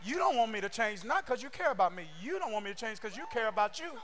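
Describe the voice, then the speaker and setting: A man preaching a sermon with fervor, often shouting and throwing rhetorical questions at his listeners. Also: high-pitched, sing-song, fast talker, background noise. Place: church service streamed online.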